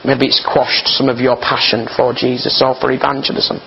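Male preacher, mid pitch, earnest and conversational, repeats words, slightly muffled audio. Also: little pitch movement, normal speed, vocal fry, a little hiss or hum. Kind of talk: informal sermon. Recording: slightly dull, muffled recording.

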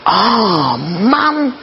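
A man preaching informally, reading scripture aloud and stopping often to comment in a chatty, digressive way. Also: high-pitched. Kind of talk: informal sermon with Bible reading. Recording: slightly dull sound with faint noise.

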